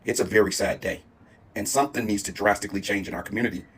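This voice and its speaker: Man with a husky voice, earnest and measured commentary. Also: lowish voice, steady tone, a bit bright. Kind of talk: social media commentary.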